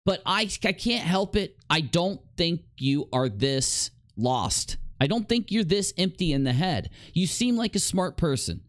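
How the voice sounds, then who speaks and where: A man's voice: fairly high pitch, lively intonation, measured pace, hardly any pauses, no echo. A man streaming live, rambling and confronting a critic directly. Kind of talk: livestream commentary.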